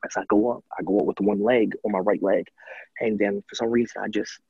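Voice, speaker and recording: Low, husky young man telling a story. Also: fairly quick, no echo, dull audio. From USA. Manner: animated storyteller, many fillers, acts out quotes. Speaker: guest, former college football player. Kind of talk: casual storytelling interview.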